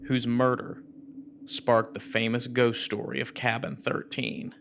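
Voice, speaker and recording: A man narrating a paranormal episode in voice-over, his delivery flat and reflective. His voice has a gravelly fry, and noise hisses under it. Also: medium pitch, measured pace.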